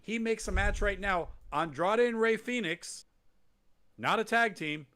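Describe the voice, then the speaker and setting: A wrestling podcast host chats casually in rambling jokes, acting out quotes in goofy, silly voices. His voice is high-pitched, bright, and forceful, delivered at a measured pace.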